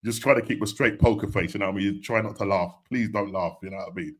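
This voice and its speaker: A man hosts a casual football podcast live stream, sounding upbeat and chatty, repeating phrases and laughing often. His voice has a fairly low pitch and he talks fast.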